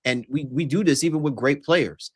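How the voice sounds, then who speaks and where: Male podcast host, mid-pitched, emphatic run-on talker, relaxed sports banter. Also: moderate pace, slightly rough. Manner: emphatic, long run-on arguments. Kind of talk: casual sports chat.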